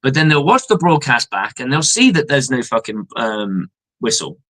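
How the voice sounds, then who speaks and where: A man's voice: mid-range voice, very animated, normal speed, fairly bright tone, low-quality recording. A man co-hosting a live sports reaction stream, heated and profane, acting out exchanges between referees. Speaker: co-host. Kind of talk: casual sports reaction chat.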